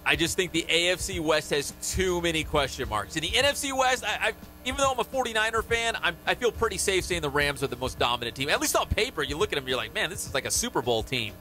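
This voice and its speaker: Young male sports radio host, animated casual chat, bright voice. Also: on the high side, quick pace, few pauses, faint music behind. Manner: animated, joking, hedging with fillers. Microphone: studio microphone.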